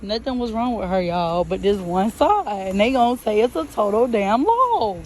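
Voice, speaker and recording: A young woman vlogging outdoors beside a car, talking to her viewers on a phone camera. Her voice sits fairly high and she speaks slowly, repeating her phrases. Faint outdoor noise runs under her. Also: lively intonation. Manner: chatty, repeats phrases, addresses viewers as y'all. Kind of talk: casual vlog chat to viewers.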